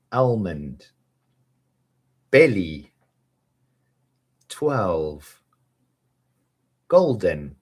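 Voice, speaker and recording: A man with a lowish, husky voice teaches English pronunciation, leading slow repeat-after-me drills and chuckling between tongue twisters.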